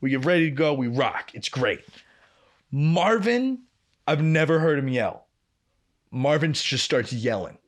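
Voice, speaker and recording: A man in his twenties co-hosting a podcast, telling a work story in a casual, profane, animated way. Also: medium pitch, unhurried, pauses often. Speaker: podcast co-host.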